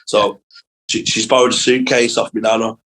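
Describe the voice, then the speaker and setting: A man's voice: fairly low pitch, normal speed, breathy edge, rough recording. Sweary young man telling school stories. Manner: sweary, animated anecdotes with laughs. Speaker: comedian guest. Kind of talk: casual storytelling chat.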